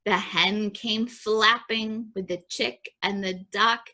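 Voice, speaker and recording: A woman librarian reading a picture book aloud at children's story time, expressive and rhythmic, with chatty asides to the kids. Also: medium pitch, slow. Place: library program.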